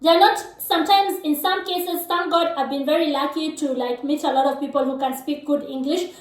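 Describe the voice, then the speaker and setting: A woman's voice: high voice, steady tone, fairly quick. A woman from Kenya with a Kenyan accent, whose first language is Kikuyu, giving frank, direct advice to her viewers in a casual vlog. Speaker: vlogger. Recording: echoey room, mic at a distance.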